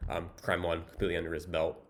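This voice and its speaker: Man, very low voice, casual comedic movie recap, deadpan, rambling, filler words. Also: fast.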